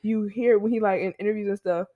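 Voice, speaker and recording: A young woman co-host with a mid-pitched voice who talks in a chatty, playful way and giggles often. Her talk is loose and casual. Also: fairly even intonation, quick pace, narrow, tinny audio. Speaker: podcast co-host. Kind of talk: casual chat.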